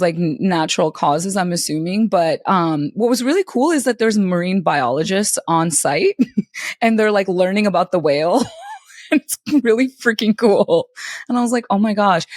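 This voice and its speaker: Giggly young woman, lively pitch. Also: no room sound, clean studio sound. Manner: giggly, animated storytelling. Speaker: podcast co-host. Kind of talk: casual chat.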